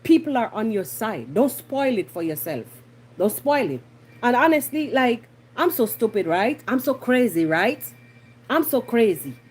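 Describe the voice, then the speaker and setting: A Jamaican woman talks with a slightly husky, higher-pitched voice that swings up and down. She hosts her own podcast in blunt, animated commentary and slips easily into patois. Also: unhurried. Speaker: podcast host. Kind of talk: casual commentary monologue.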